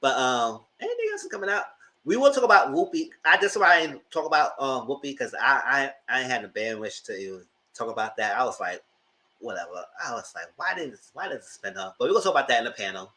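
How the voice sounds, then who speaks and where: Sassy guy in riffing to his viewers, bright voice, pitch jumping all over. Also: quick pace. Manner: animated, sassy, laughs often. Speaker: host. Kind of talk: casual commentary chat.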